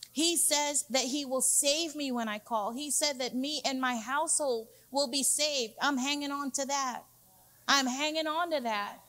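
A woman's voice: high-pitched, a bit bright. A woman executive pastor preaching a sermon, emphatic and repeating key phrases, calling the congregation "y'all". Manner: addresses listeners as "y'all".

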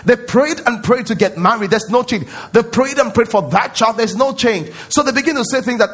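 A man's voice: extremely high pitch, brisk, few pauses, a bit bright, breathy edge. A man preaching a sermon as pastor at a church service, emphatic and repetitive, often quizzing his congregation.

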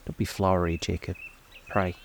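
A nervous old miser pleading with a ghost, voiced by a man lifting his pitch. His words falter and wobble with fear. Faint outdoor birdsong sits under the voice. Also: flat delivery, normal speed, gravelly, a little hiss or hum. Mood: fearful.

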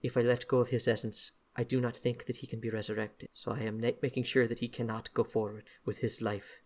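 A man voicing a fiercely protective, stubborn female spirit in a put-on accent, speaking low and intense. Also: flat delivery, a little fast, a little mellow, natural voice. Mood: defiant.

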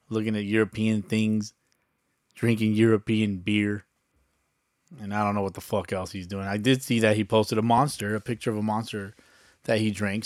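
Podcast host, male, young adult, slightly low voice, loose swearing ramble, dry close mic. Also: no echo. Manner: loose, profane, rambling with many fillers. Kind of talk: casual solo podcast chat.

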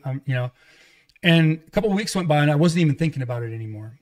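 A man telling his life story to an interviewer in a lively, conversational way, acting out the voices of the people he quotes. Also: a little high, fast. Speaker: pastor and guest. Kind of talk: conversational testimony.

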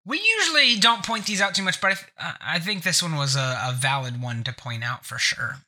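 A man's voice: on the high side, animated, fairly quick, bright, forceful tone. A man with a stuffed-up nose hosting a casual gaming podcast, joking and sarcastic as he rambles. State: congested nose. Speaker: podcast host.

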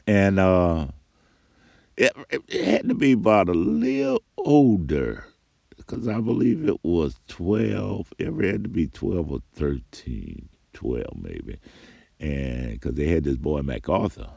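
A man's voice: deep voice, sing-song, takes it slowly, vocal fry, darkish tone, slightly rough, no echo, studio quality. An older man telling a rambling, profane story from his own life in a casual spoken way. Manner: rambling, profane, laughs between phrases.

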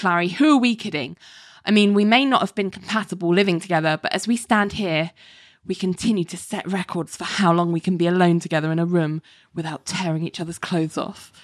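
A woman's voice: fairly low pitch, no room sound, clean studio sound. A woman casually retelling TV episode scenes, quoting the characters and laughing often as she goes. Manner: animated storyteller, laughs often, mimics characters. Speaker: podcast host recapping a TV show.

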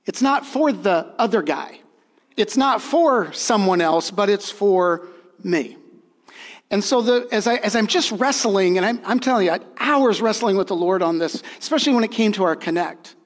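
Man, pastor, earnest emphatic sermon, repeats key lines, high voice, long hall reverb. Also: lively intonation, moderate pace. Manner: earnest, emphatic preaching with repeated phrases and restarts.

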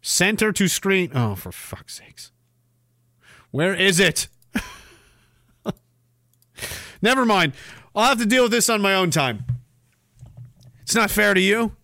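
A man's voice: sits high, sing-song, slow, pauses often, sharp tone, dry recording, studio quality. A man hosting a livestream, reacting to clips with profane, mocking commentary. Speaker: livestream host.

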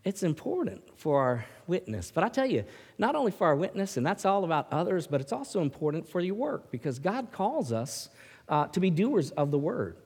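A man preaching a sermon in an animated way, swinging from loud bursts to hushed words and often repeating himself. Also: fairly high pitch, brisk, breathy edge. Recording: hall reverb.

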